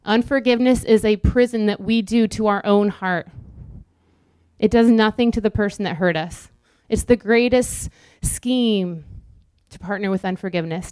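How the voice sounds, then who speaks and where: A woman's voice: medium pitch, darkish tone, clean tone, no echo, studio quality. A woman preaching a sermon, emphatic and repetitive, acting out quoted inner voices.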